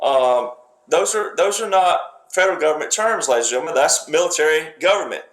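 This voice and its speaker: Animated and fairly quick, a man with a fairly high voice delivers emphatic, lecturing political commentary. He repeats himself and talks in fragments, and the recording carries a roomy echo.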